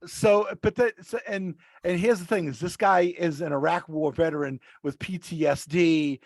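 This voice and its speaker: Brief: male podcast regular, raspy high voice, loose storyteller. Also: fairly even intonation, moderate pace, dry recording. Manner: rambling, restarts mid-sentence. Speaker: podcast regular, rideshare driver. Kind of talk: casual storytelling.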